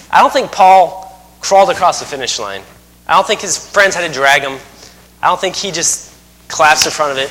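A man's voice: mid-range voice, big-room sound. A man in his thirties preaching a sermon, telling stories and acting out scenes with humor. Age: 30s. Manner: lively storytelling, acts out scenes with humor.

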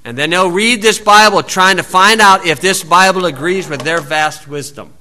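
A man preaching a sermon in a folksy storytelling way, acting out the people in his stories and shouting out scripture. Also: high voice, moderate pace. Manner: folksy storytelling, acts out voices, loud shouted quotes.

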